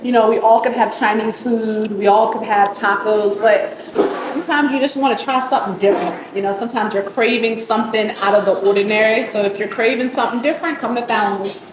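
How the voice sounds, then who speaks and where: A woman's voice: fairly high pitch, fairly even intonation, fairly quick, a crowd in the background. A woman from the Bronx, a restaurant owner and cook, talking casually and proudly about her food in her restaurant, with many ums. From the Bronx, New York. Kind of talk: casual interview. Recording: echoey room with background noise.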